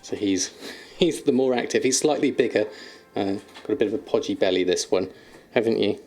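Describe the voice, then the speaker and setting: A man's voice: lowish voice, fairly quick, darkish tone, soft background music. A man streaming from home, chatting casually with viewers and cooing affectionately at his kittens, laughing often. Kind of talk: casual live-stream chat. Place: at home, indoors.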